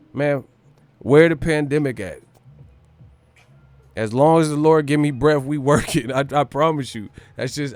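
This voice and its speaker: A man's voice: mid-range voice, no room sound. Brash, profane man hyping his livestream. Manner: brash, profane, boastful, hype; breaks into brief celebrity impressions and laughs. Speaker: boxing livestream host. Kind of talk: casual livestream rant.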